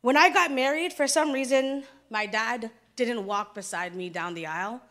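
Bright-voiced woman giving church testimony. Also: fairly high pitch, normal speed. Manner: conversational, acts out dialogue, emphatic. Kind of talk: personal testimony.

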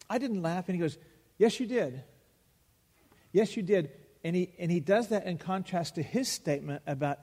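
Preaching man in a reverberant hall. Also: a little high. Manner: preaching with acted-out Bible dialogue, pauses for emphasis. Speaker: pastor. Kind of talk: sermon.

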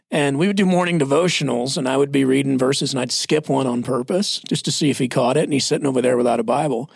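A man's voice: mid-range voice, a little fast, creaky, breathy edge, no room sound, studio quality. A man in his forties, a pastor, telling stories in a plainspoken, self-deprecating way in a casual church podcast chat.

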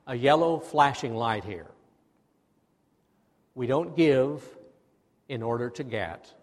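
Man, pastor, sermon, animated call-and-response, church sanctuary, long reverb, mid pitch.

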